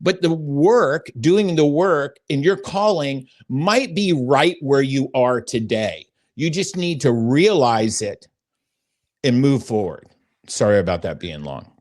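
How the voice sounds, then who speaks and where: A middle-aged man talks on a faith podcast, earnest and visibly moved as he tells a long story. His speech wanders, full of fillers and restarts, and sits at an ordinary pitch for a man. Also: expressive, slow pace. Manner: earnest, emotional, rambling with fillers. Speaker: podcast host.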